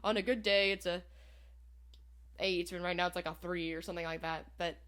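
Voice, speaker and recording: A woman's voice: lowish voice, fairly even intonation, a little fast, a bit bright. Chatty woman podcast co-host. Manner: eager and chatty, lots of "like". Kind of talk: casual chat reviewing a TV episode.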